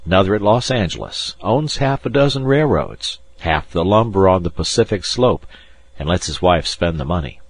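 A man voicing a lazy, sardonic older gentleman on a ship, drawling and dryly mocking. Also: low-pitched, big pitch swings, normal speed, breathy edge, no room sound, heavily acted. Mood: gossiping.

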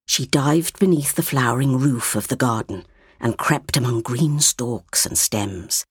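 A woman reading a story aloud, slowly and expressively. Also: extremely low pitch, breathy edge, no echo, studio quality. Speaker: narrator.

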